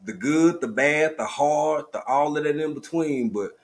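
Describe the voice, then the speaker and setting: Middle-aged man, livestream host, slightly high voice, earnest and preacherly. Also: a little slow. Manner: heartfelt, preacherly, calls listeners baby and family. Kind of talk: casual live stream chat.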